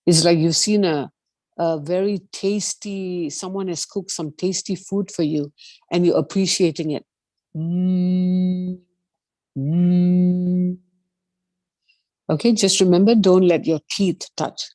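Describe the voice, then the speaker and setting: A woman leading an online meditation lesson, explaining gently and singing sustained vowel tones to demonstrate. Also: fairly low pitch, moderate pace, no room sound, faint music behind. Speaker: meditation teacher.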